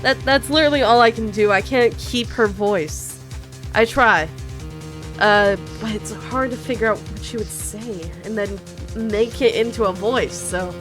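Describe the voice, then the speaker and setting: A woman's voice: a little high, measured pace. A woman giving playful, self-deprecating commentary while playing a game. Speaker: let's play narrator. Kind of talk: casual gameplay commentary. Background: faint game music.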